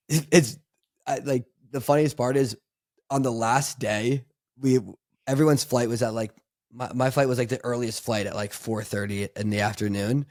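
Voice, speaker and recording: A podcast co-host rambles casually, laughing and often restarting or using fillers. His mid-range voice is slightly mellow, and the recording is dry with clean studio sound.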